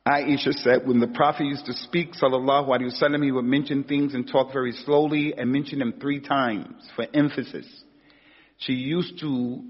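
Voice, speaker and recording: A man's voice: medium pitch, slightly rough. An American man teaching an Islamic lecture, emphatic, repeating key words and rising sharply on rhetorical questions. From United States. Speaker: religious teacher. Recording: dull, echoey hall recording.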